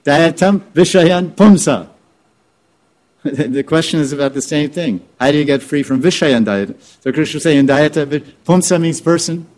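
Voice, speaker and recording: A man's voice: fairly high pitch, fairly quick, few pauses, darkish tone. A man teaching scripture informally, repeating and restarting words as he explains terms. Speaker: spiritual teacher.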